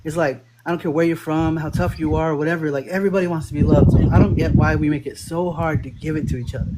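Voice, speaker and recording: This man has a slightly raised voice and tells his stories with animation, filling them with "like" and casual slang. He sounds like a guest in a relaxed spiritual chat. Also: fairly high pitch, fast talker, heavy background noise. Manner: animated storytelling with lots of "like" and laughs.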